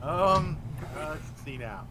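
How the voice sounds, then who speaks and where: A man's voice: fairly high pitch, sing-song, slow, background noise. A man playing in a tabletop game, laying out plans at length with frequent restarts. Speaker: player. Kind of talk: casual chat during a tabletop game.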